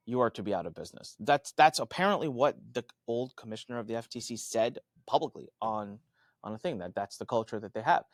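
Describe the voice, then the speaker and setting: A man in the middle of a podcast chat, explaining things at a conversational pace. His voice sits at an ordinary pitch, and the sound is dry and close. He jumps into other people's voices now and then as he tells his stories. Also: fast talker, no room sound. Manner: animated, acts out quoted voices with big pitch jumps. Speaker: podcast guest, marketing coach. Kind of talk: conversational storytelling.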